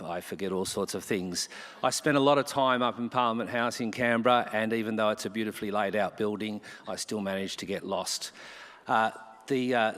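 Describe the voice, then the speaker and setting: A man's voice: lowish voice, a bit bright. A middle-aged Australian man giving a storytelling speech to a union congress, self-deprecating and humorous, with frequent hesitations. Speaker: charity leader addressing a union congress.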